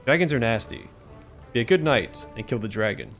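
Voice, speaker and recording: A man's voice: medium pitch, big pitch swings, a little fast, a bit bright, soft background music. A man voicing a petulant female fecal demon queen who whines and boasts like a spoiled princess. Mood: petulant whining. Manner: whining, smug, self-pitying.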